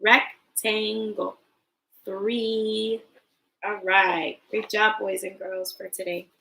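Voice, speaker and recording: A young woman teaching a livestream lesson to small children, slow and sing-song, drawing out words. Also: mid-range voice, level tone, gravelly, sharp tone. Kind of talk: early-grade livestream lesson.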